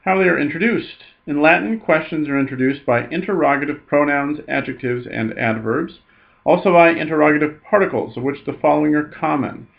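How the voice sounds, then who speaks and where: A man teaching a recorded Latin lesson, patiently reading each phrase slowly and then explaining it. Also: on the high side, vocal fry, narrow, tinny audio.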